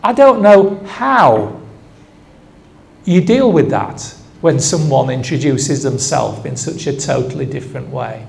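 A man's voice: mid-range voice, animated, measured pace, vocal fry. A man in his sixties preaching a sermon, telling a story and asking the congregation rhetorical questions.

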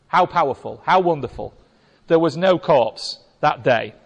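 High-voiced, lively preacher in echoing hall. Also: male voice, measured pace, creaky, lo-fi sound. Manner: emphatic, rhetorical questions to congregation. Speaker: pastor. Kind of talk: sermon. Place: church hall. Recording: long reverb of a large hall.

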